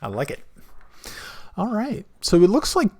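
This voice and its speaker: A man's voice: high voice, wildly swooping pitch, unhurried, dry recording, studio quality. A man in the role of game master, narrating a tabletop game in a rambling, self-deprecating way.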